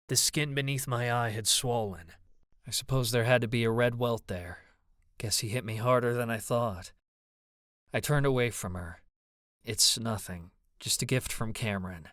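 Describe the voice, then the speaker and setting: A man's voice: medium pitch, a bit bright, no room sound, studio quality. A man narrating an audiobook in first person, with a brooding, introspective manner.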